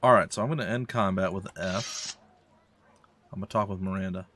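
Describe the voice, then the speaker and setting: A man's voice: low-pitched, a little fast, a bit bright. A man hosting a let's play, reading the game's text aloud and adding joking, self-mocking asides.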